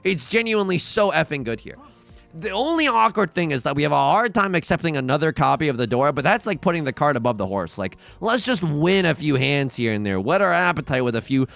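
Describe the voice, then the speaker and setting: A young man streams a tile game, joking and talking through his moves with his chat. His voice sits a little high and jumps around a lot, with a gravelly edge. Faint music plays under him. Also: big pitch swings, a little fast, a bit bright. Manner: playful, jokey, talks to chat. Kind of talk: live game commentary.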